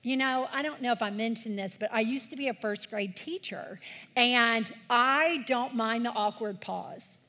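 A woman's voice: on the high side, measured pace, bright, forceful tone. A woman leading a church talk for kids and parents, earnest and encouraging, calling the congregation to read scripture aloud with her. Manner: leads call-and-response scripture reading. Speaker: children's ministry leader.

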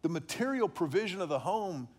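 A man's voice: sits high, big pitch swings, fairly quick. A middle-aged man giving an earnest faith-based teaching on fatherhood, often repeating and restarting words. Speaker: preacher on fatherhood.

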